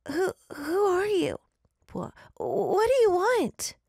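A woman voicing a frightened young woman held captive, speaking high and stammering in panic. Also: very animated, measured pace, gravelly, no echo, studio quality, exaggerated voice. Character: terrified young woman chained in a dungeon.

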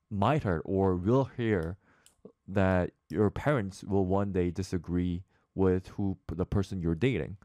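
A man co-hosting a podcast, earnest and halting, restarting his words in casual chat. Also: sits low, warm tone, no room sound, clean studio sound.

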